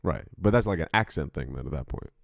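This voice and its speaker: A man co-hosting a casual podcast, joking and slipping into mocking loud rants. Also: extremely low pitch, expressive, quick pace, vocal fry, no echo, studio quality. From United States. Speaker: podcast co-host.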